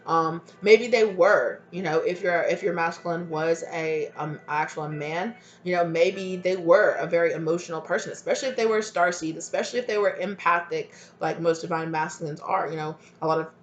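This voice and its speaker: A woman's voice: lowish voice, steady tone, brisk, hardly any pauses, dull audio, slight background noise. Emotional woman giving a tarot reading. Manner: emotional, conversational, lots of "you know" and "right". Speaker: tarot reader. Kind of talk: channelled tarot reading to camera. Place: home room.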